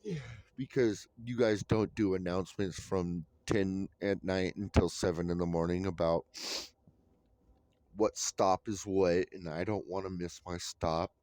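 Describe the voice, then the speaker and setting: A man rants in a profane, rambling vlog monologue aboard a moving train, full of fillers, with train noise in the background. His voice is deep, steady and a little mellow, and he speaks unhurriedly.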